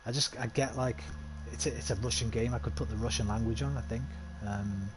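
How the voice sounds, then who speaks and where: A man's voice: mid-range voice, steady tone, a little fast, noisy background. A man giving casual, self-mocking commentary while streaming a game. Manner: chatty, self-mocking, thinks aloud. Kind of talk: casual let's-play commentary.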